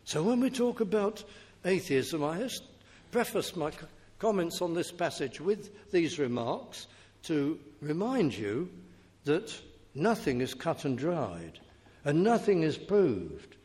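A man's voice: a little high, big pitch swings, slow pace, a little mellow. A man preaching a sermon, earnest and rhetorical, asking questions and letting his voice swell and drop. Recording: long hall reverb.

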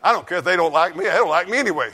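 A preacher man delivers a fiery sermon in a high, bright voice. His pitch leaps around as he tells folksy stories. He drops to low asides, then climbs into loud shouts. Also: expressive, rapid-fire. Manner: folksy storytelling, swings from mutters to shouts.

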